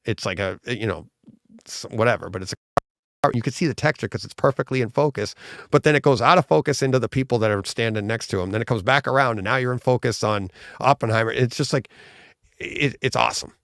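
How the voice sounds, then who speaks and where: Male co-host, gravelly voice, rambling and enthusiastic, dry close sound. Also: medium pitch, quick pace, fairly bright tone, no room sound. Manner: rambling, enthusiastic retelling with many restarts. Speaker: podcast co-host. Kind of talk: casual livestream chat.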